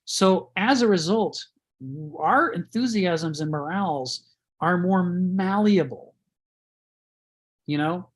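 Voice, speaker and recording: Brief: breathy male lecturer, casual and digressive, lots of "you know". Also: high voice. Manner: rambling, chuckles often, many fillers. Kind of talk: conversational lecture.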